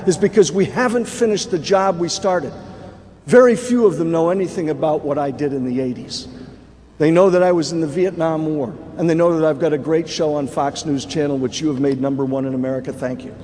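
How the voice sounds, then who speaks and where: Speaking at a banquet in a big, echoey hall, this keynote speaker, a man in his sixties, recounts vivid war stories dramatically. His fairly quick delivery sits high in pitch and sounds a little mellow. Faint room ambience and slight hiss or hum are present.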